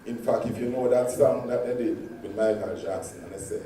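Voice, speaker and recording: A man telling stories in a convention speech, swinging dramatically between loud and hushed. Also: medium pitch, steady tone, moderate pace. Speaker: convention speaker. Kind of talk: storytelling speech. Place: large convention hall. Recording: echoey hall from far off, faint noise.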